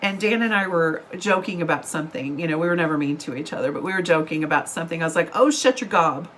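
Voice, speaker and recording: This woman has a low, slightly bright voice and talks fast, on a rough recording with a little hiss or hum. She's a book vlogger chatting casually to camera over coffee, rambling and giggling while still recovering from an illness.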